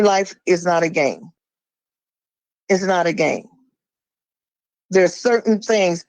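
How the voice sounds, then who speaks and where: A middle-aged woman calling in and speaking in a forceful, emphatic, preachy way. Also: mid-range voice, dry recording, rough recording. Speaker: caller. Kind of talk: impassioned monologue.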